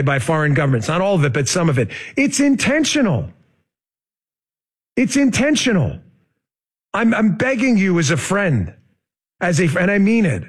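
A middle-aged man hosting a political podcast, urging listeners in an emphatic monologue. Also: sits high. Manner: urgent, emphatic, addresses listeners as folks. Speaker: podcast host.

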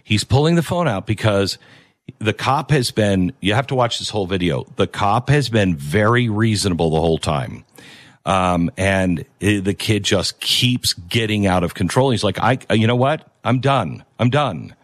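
A man's voice: fairly low pitch, expressive, moderate pace, no echo. A man hosting an opinionated commentary show, talking emphatically and repeating key phrases.

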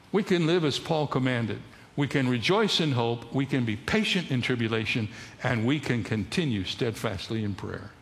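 A man preaching an earnest sermon as a pastor, exhorting his listeners with emphatic repetition. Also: mid-range voice. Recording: long hall reverb, faint noise.

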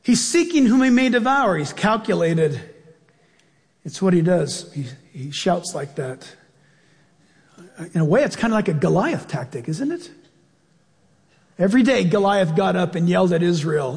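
Male pastor preaching, high and expressive, husky edge, long hall reverb, acts out bits. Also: normal speed, long pauses. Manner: animated, acts out voices and laughs mid-sentence. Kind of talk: sermon.

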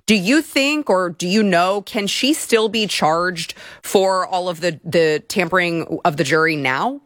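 A woman's voice: fairly low pitch, measured pace, fairly bright tone, dry recording, clean studio sound. A woman interviewer asking curious, conversational follow-up questions.

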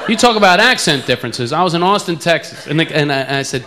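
A man's voice: a little high, animated, quick pace, hardly any pauses. A man from the eastern US with an East Coast accent, doing a playful stand-up routine about his own accent. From eastern United States. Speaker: stand-up comedian. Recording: live show with loud crowd and noise.

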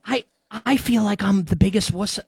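A man's voice: sits high, normal speed, gravelly, breathy edge, no echo. A young man hosting a casual sports podcast, chatty and rambling, with lots of fillers and restarts. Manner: rambling, filler-heavy, self-deprecating. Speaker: podcast host.

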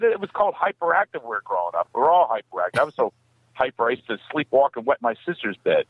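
A man calling in to a radio comedy show, spinning anecdotes and acting out little voices. His pitch swings up and down, and he laughs at his own lines. The line is dry and muffled. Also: very fast, no room sound. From Philadelphia. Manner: animated storytelling, acts out voices and laughs often. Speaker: comedian guest. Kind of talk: radio call-in comedy chat.

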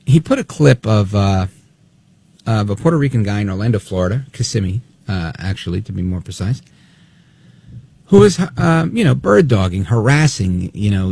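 A man hosting opinionated political talk radio, animated and snide, acting out quotes as he talks. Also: fairly low pitch, moderate pace, creaky, husky, no echo.

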